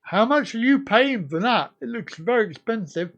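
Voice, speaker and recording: A man's voice: high-pitched, expressive, moderate pace, fairly bright tone, muffled recording. A man from the UK, hosting a casual live stream and joking while reacting to viewer comments.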